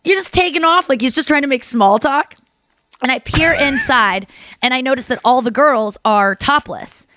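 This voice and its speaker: A woman hosting a podcast, spinning a story in chatty, animated fashion with plenty of fillers and voices for each person she mentions. Her voice sits fairly high, and the sound is close and dry, with no room around it. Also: normal speed, no room sound. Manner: animated, filler-heavy, acts out others' voices. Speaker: podcast host. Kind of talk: casual storytelling chat.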